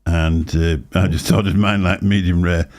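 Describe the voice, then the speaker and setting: This is an older man with a fairly low voice. He hosts a relaxed livestream chat and rambles through anecdotes. He laughs often between lines. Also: normal speed. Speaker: show host.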